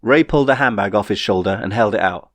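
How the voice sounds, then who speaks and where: A man narrating his own novel in a wry, measured storytelling way. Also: fairly low pitch, dry recording. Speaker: author reading his novel. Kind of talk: audiobook narration.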